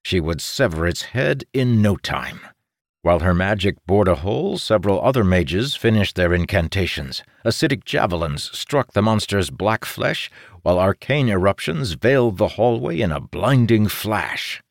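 A man reads a fantasy adventure audiobook in a steady, measured way. His low voice carries some vocal fry, and the recording is close and dry with no room sound.

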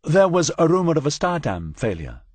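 Man doing a high, matter-of-fact woman, explanatory, husky. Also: huge pitch swings, brisk, darkish tone, dry recording. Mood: explaining. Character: capable, well-informed woman ship owner.

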